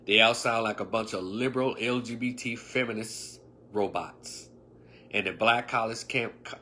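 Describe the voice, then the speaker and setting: Forceful man in his fifties, preachy. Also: lowish voice, slight background noise. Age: 50s. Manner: emphatic, preachy, drops to muttered asides. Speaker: online commentator. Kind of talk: casual livestream opinion talk.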